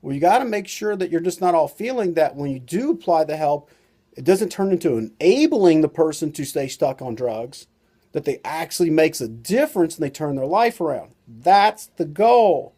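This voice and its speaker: Male doctor giving a loose, rambling explainer on camera; slightly high, mellow voice. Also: expressive, moderate pace. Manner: rambling, loose delivery full of "you know" and "like". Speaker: doctor and author. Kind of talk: informal talk-to-camera lesson.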